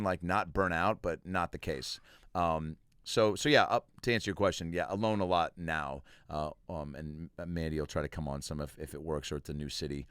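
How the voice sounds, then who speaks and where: A man's voice: lowish voice, clear, resonant tone, no room sound, clean studio sound. A man in his thirties hosting a podcast in casual chat, telling stories and acting out voices. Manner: animated storyteller, acts out voices. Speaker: podcast host.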